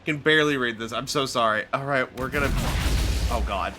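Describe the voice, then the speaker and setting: A man's voice: mid-range voice, brisk, heavy background noise. A man streaming a game live, joking, swearing and muttering to himself as he plays. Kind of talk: live gameplay commentary.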